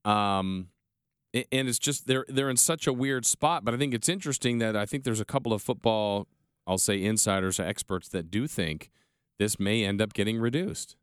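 A man co-hosting a sports talk show, weighing in on the debate in a measured, conversational way. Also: fairly low pitch, clean tone, no room sound, clean studio sound.

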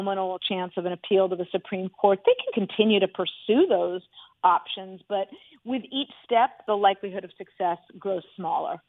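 The medium-pitched voice of a middle-aged woman, free of echo, comes through a tinny phone line into a radio studio. As a guest analyst in this talk show phone interview, she speaks emphatically and repeats words for stress.

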